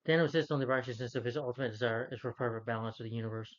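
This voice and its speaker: A man retells a film's story in loose, casual talk, stumbling over names and correcting himself. His voice sits at an ordinary middle pitch. The recording sounds muffled and lo-fi. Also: fairly even intonation, racing. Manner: rambling, many fillers and self-corrections. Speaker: film reviewer. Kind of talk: casual movie plot recap.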